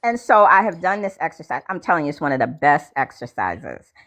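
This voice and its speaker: A woman host in casual chat, telling stories in an animated way and talking straight to her listeners. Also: low-pitched, fairly quick. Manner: animated storyteller, addresses listeners as y'all. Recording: dull lo-fi audio.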